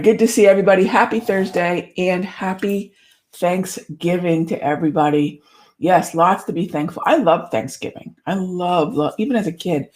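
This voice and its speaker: A woman's voice: fairly low pitch, darkish tone. A woman hosting a casual trading livestream from her office, chatty and upbeat, a little out of breath after exercise. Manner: chatty and upbeat, lots of restarts and asides. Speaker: trading show host.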